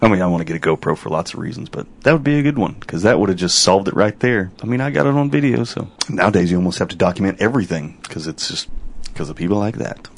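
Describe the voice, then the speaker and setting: A man's voice: sits low, animated, fast talker. A man in casual chat, rambling through a story with crude humor.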